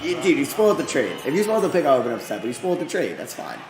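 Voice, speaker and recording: A man streaming his live reactions, venting like an exasperated sports fan. His pitch swings widely from low grumbles to high outbursts. The sound bounces around an echoey room. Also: big pitch swings, very fast.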